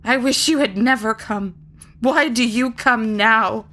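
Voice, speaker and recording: A shrill, scolding woman, bitter and worn down by hard years, as a woman reader puts her on. She cries out high and loud, with her words spilling over in a rush. It is a storybook voice with faint background noise. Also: unhurried. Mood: furious. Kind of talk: audiobook character reading.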